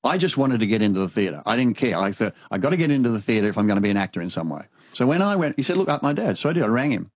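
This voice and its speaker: An older man with an Australian accent spins his stories in a lowish voice and slips into other people's voices as he goes. The sound is dry and close. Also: rapid-fire, few pauses, husky, no room sound. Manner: animated anecdotal storyteller, acts out dialogue. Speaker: interviewee. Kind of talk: storytelling conversation.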